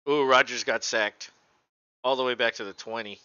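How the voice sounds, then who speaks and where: A man's voice: medium pitch, steady tone, moderate pace, bright, forceful tone, clean tone, no echo, lo-fi sound. Chatty man calling a game from home. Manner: chatty, laughs often, talks to his dog. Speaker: podcast host doing live play-by-play. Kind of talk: casual play-by-play commentary. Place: home room with his dog.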